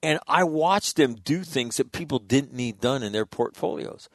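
A middle-aged man and Marine veteran, telling stories in a blunt, profane, animated way in a casual interview. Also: mid-range voice, moderate pace, dry recording, studio quality.

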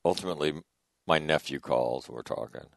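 Deep-voiced middle-aged male radio host. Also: brisk, vocal fry, dry recording, studio quality. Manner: rambling, chatty anecdote with wry asides. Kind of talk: casual on-air storytelling.

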